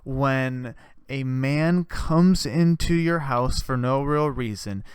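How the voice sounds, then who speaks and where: Sarcastic young man ranting, smooth voice. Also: medium pitch, slow pace, dry recording. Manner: sarcastic, profane, mock-preaching bursts. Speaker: podcast host. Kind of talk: comedic rant.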